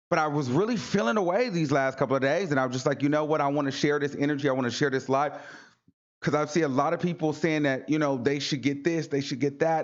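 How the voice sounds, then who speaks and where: A man's voice: on the high side, highs cut off. A man hosting a livestream talk show, speaking in an earnest, preachy way and repeating lines for emphasis. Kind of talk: casual motivational livestream talk.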